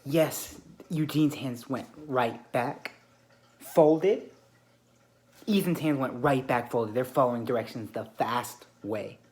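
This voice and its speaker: A male teacher giving calm, deliberate directions to a small group of children at a classroom table, narrating and praising their behaviour as he goes. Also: mid-range voice.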